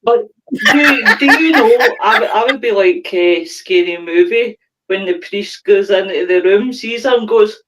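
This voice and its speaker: A woman's voice: medium pitch, unhurried, background noise. A woman co-hosting a podcast in casual chat, talkative, laughing often and swearing casually. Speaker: podcast co-host.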